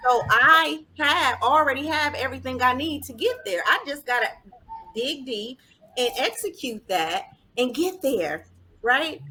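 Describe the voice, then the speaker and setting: A woman's voice: sits high, expressive, a little slow, sharp tone, slightly rough. A woman in a casual podcast discussion, thinking aloud and checking in with her listeners as she goes. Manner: reflective, checks in with "right?".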